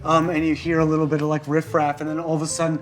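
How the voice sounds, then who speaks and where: A man's voice: fairly high pitch, monotone, very fast. A man narrating a tabletop game as game master, in a loose, rambling way full of fillers.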